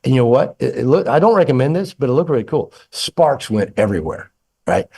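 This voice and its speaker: Animated older man telling candid stories. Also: mid-range voice, fairly quick, vocal fry. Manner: animated, self-deprecating, acts out dialogue with humor. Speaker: author and psychotherapist guest. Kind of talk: candid storytelling in a podcast interview.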